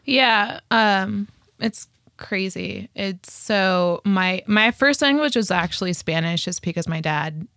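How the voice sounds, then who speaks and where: Relaxed young woman, reflective chat. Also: medium pitch, slow pace, dry recording, studio quality. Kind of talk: casual chat.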